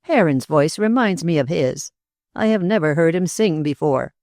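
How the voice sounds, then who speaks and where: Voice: mid-range voice, lively intonation, normal speed, a little mellow, no echo, natural voice. Narrator doing a shaken, stammering husband in a storybook, dry close read. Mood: anxious. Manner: stammering, moaning. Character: nervous, frightened middle-aged husband.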